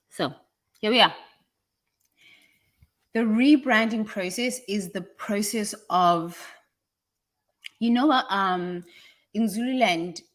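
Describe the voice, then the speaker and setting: A South African woman with a British-tinged accent giving a passionate motivational talk, swinging from quiet asides to loud, emphatic repeated lines. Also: mid-range voice. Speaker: speaker on personal growth.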